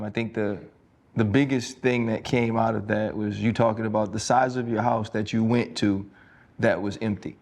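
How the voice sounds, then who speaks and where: A podcast host with a fairly low voice. He asks his guest measured, probing questions and builds them up step by step. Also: darkish tone. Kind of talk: interview questions.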